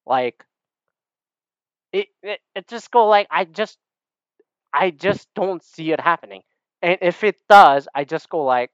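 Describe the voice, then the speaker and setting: A man holding forth in a loose, rambling monologue, his pitch leaping up and dropping low as he goes. He swears freely and keeps circling back on himself. The sound is dry and a little dull. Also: lively intonation, measured pace, clear, resonant tone, no room sound. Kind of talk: casual opinion monologue.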